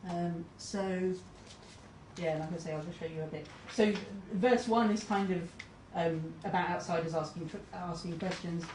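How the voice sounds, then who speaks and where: A woman's voice: on the low side, moderate pace, darkish tone, slight background noise. A woman giving a talk, hesitant and full of ums, reading out quotes as she goes. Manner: hesitant, many ums, reads quotes aloud. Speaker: conference speaker. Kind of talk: presentation talk. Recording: roomy hall recording from a distance.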